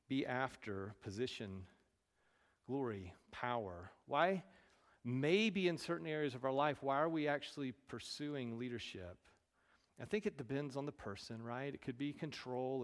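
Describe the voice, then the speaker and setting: A preacher man in a reverberant hall. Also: fairly high pitch. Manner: animated, many rhetorical questions. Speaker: pastor. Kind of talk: sermon.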